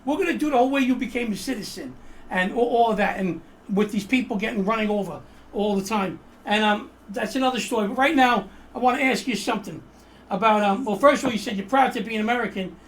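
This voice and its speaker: A man's voice: sits high, fast talker, a little hiss or hum. A man hosting a casual political chat show over a video call, joking and rambling as he introduces his guest. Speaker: host.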